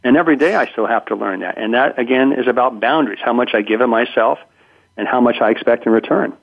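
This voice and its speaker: A man in his fifties tells stories as a guest in a conversational interview, acting out quotes and often stammering and restarting. His medium-pitched voice is quick, creaky and breathy-edged, coming over a tinny phone line.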